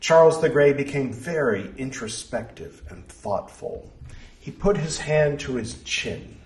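A man narrating a story in a measured, expressive reading. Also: medium pitch, a little hiss or hum. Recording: roomy, distant mic.

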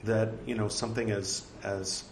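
A man's voice: lowish voice, little pitch movement, normal speed. A man reciting scripture aloud, reading out the punctuation and breaking off for joking, apologetic asides. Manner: reads punctuation aloud, wry self-mocking asides. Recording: echoey room with faint ambient noise.

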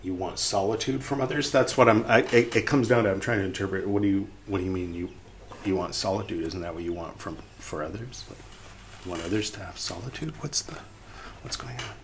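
Low-pitched man, podcast host, casual rambling commentary, restarts, near-whispered asides. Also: fast, slight background noise.

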